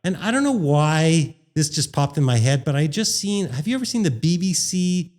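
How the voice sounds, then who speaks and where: A man from Canada chats on a podcast, telling a story in a warm, mellow voice. He is animated and acts out the quoted lines of dialogue in a higher voice. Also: normal speed. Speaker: podcast guest, former radio worker. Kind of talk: casual storytelling chat.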